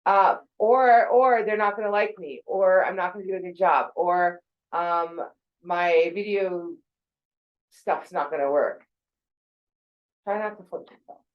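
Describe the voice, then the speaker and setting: A woman's voice: fairly low pitch, a little slow, lo-fi sound. A woman in her forties giving a casual, conversational talk about thinking habits, with fillers and quoted asides. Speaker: speaker on mental health.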